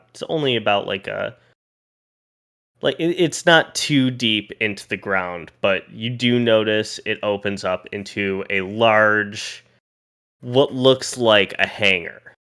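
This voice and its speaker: Guy running a tabletop game, kinda low but bright clear voice, lots of restarts. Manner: restarts and pauses while describing scenes. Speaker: game master.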